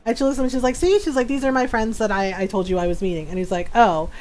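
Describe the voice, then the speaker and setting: A woman's voice: fairly high pitch, rapid-fire. Chatty woman streamer, rambling storyteller. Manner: rambling, heavy on filler words; animated, acts out quoted dialogue. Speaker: game streamer. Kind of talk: casual storytelling chat while gaming.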